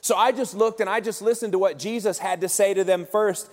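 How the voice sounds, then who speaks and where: A man preaching a sermon as pastor, animated and conversational. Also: high voice, a little fast. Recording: long church-hall reverb.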